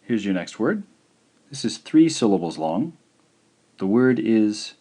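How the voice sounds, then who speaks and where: Slow, low-voiced man teaching pronunciation. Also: sing-song, mellow. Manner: slow, careful syllable-by-syllable pronunciation; patient, encouraging. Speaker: language teacher. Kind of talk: slow instructional lesson.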